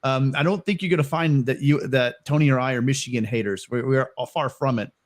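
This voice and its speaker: A man's voice: mid-range voice, brisk. A man joking and rambling as a guest on a livestream sports panel, often correcting himself. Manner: rambling, self-correcting, jokey. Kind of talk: casual podcast chat.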